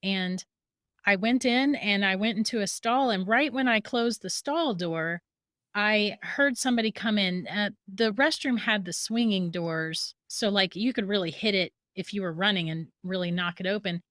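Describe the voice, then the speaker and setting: A woman as a podcast guest, telling a story in a lively way and laughing through it. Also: medium pitch, normal speed, no echo, studio quality.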